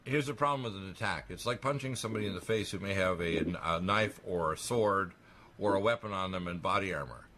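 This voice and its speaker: A man's voice: low-pitched, a little fast, bright, forceful tone, a little hiss or hum. A man talking on a radio talk show, pressing his claims emphatically and piling one alarming point onto the next.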